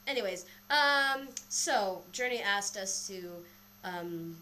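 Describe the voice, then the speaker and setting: Through her built-in webcam mic, a young woman vlogs casually in a mid-range voice at a slow pace. She's a little out of breath, animated and rambling, swearing a lot while she tells a story.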